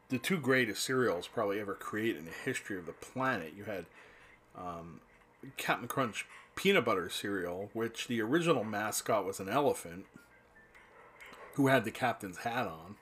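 A man in his fifties from New Jersey speaks in a lowish, animated, fairly bright voice at a moderate pace, pausing often, with slight background noise. His casual monologue wanders nostalgically, with self-interruptions, restarts, and a bit of profanity.

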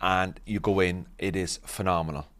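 A man's voice: deep voice, moderate pace. A man in casual podcast chat, telling slangy anecdotes. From Ireland. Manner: animated storyteller, slangy. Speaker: podcast host.

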